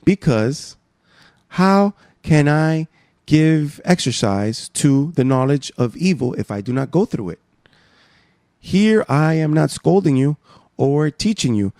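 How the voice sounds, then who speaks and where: A man preaching a sermon, emphatic, swinging from soft asides to raised exhortations. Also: a little high, no room sound, studio quality.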